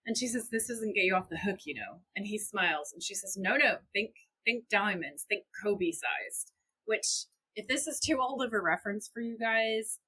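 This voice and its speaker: A woman's voice: mid-range voice, pushed and bright, a little hiss or hum, poor audio. A young woman co-hosting a podcast, animatedly retelling scenes and quoting the characters in her own voice. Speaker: podcast co-host. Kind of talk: casual recap chat.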